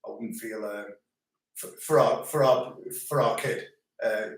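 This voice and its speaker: A man's voice: medium pitch, measured pace, far from the mic. A middle-aged man, joining his brother's livestream and chatting in an easygoing, jokey way. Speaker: host's visiting brother. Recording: echoey room, away from the mic.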